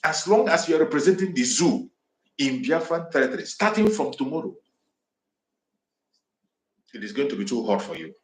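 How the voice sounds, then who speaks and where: A man's voice: a little high, very animated, moderate pace, long pauses. A man from southeastern Nigeria, making fiery, repetitive, defiant declarations as he hosts an impassioned livestream address on a home microphone. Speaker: activist livestream host. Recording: echoey room.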